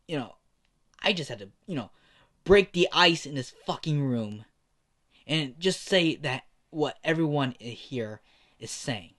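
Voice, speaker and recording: A man's voice: a little high, fairly bright tone. A man voicing a brash, foul-mouthed teenage boy. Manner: boastful and taunting, swearing.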